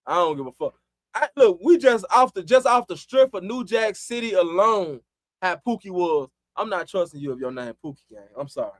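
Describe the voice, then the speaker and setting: A man's voice: high voice, animated, brisk, dry recording. A man from Chicago hosting a live stream, chatting loosely in profane street slang and laughing often. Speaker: livestream host. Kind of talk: casual live-stream chat.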